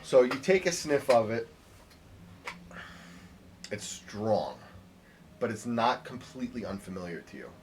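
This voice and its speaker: A man's voice: medium pitch, unhurried, long pauses, faint music behind. Man running a tabletop game. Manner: relaxed, hedging with fillers. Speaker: game master.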